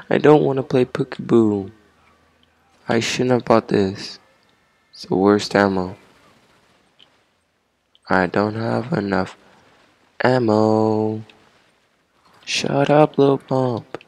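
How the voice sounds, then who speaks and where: A man's voice: on the low side, a little mellow, no echo. A young man giving casual commentary on his first game session, repeating himself, swearing at enemies and laughing. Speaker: gamer.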